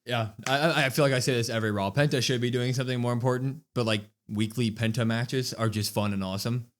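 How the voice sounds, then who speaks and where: Podcast co-host, male, mid-pitched, lively recap style. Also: fast talker. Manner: animated recapping, acts out quotes. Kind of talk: casual wrestling review chat.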